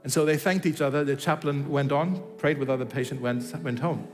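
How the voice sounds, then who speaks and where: A man's voice: mid-range voice, a little fast, long reverb tail, faint music behind. A man preaching a sermon, telling a story and acting out its dialogue, with frequent restarts. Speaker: pastor. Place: church hall.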